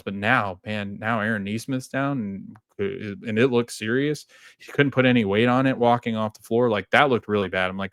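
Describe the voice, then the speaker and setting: A man's voice: lowish voice, steady tone, moderate pace, fairly bright tone, dry recording, clean studio sound. A man hosting a sports fan show, talking casually and rambling through a game recap with many restarts. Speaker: podcast host.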